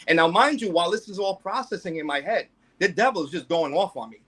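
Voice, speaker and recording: Guy telling his story, lots of "like," starts and restarts, a bit high-pitched. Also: animated, fast talker, pushed and bright, husky. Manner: rambling, many fillers and restarts. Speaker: guest.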